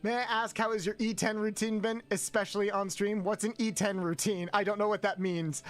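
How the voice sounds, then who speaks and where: A streamer chatting casually with chat during gameplay, given to loud, swearing outbursts. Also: mid-range voice, fairly even intonation, a little fast, few pauses, soft background music.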